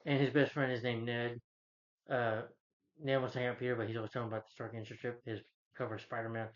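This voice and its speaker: A man giving a casual, rambling movie review, retelling the plot with many fillers and putting on higher voices for the characters. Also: flat delivery, fast talker, dull audio. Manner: loose, filler-heavy retelling that jumps up in pitch for quoted characters.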